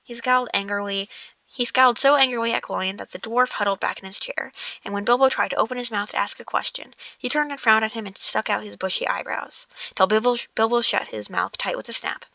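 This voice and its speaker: A woman's voice: a little high, steady tone, fairly quick, creaky, pushed and bright, dry recording. A woman casually reading a storybook aloud, often stumbling, correcting herself and adding offhand asides. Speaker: audiobook reader. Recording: dull lo-fi recording.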